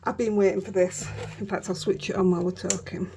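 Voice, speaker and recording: A woman with a Yorkshire accent, a crafting vlogger chatting excitedly and rambling through a casual show-and-tell. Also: mid-range voice, fast talker, vocal fry, a little hiss or hum. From Yorkshire, England.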